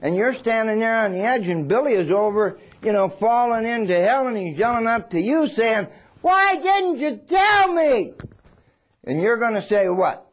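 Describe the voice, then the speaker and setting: A man preaches a sermon in a fairly high voice. He swings between loud and hushed, acting out little scenes as he goes. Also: normal speed, few pauses.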